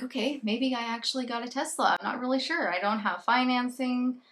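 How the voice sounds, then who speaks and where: A young woman with a bright, clear voice tells a personal story straight to camera in a chatty vlog. She is animated, slipping into little quoted asides of her own thoughts and of the people she talked to. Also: fairly high pitch, brisk. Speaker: vlogger.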